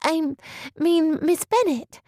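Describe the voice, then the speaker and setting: A woman reading an audiobook, voicing a shy, sweet teenage girl who talks in a breathless, high, gushing way. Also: normal speed, dry recording, studio quality. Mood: mock indignant.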